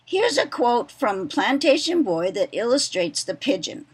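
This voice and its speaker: Slow, breathy woman presenter. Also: on the high side. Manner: slow, deliberate reading with lively intonation. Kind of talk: read-aloud presentation.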